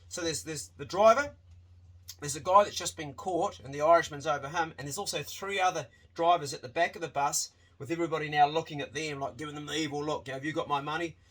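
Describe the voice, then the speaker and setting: A man telling a wild travel story in a casual, animated way, swearing freely and often restarting his sentences. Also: on the high side.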